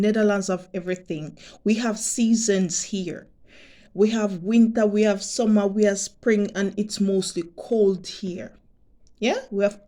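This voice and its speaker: A Jamaican woman vlogging to her subscribers, talking deliberately and emphatically and repeating her points. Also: medium pitch, warm tone. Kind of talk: direct-to-camera monologue.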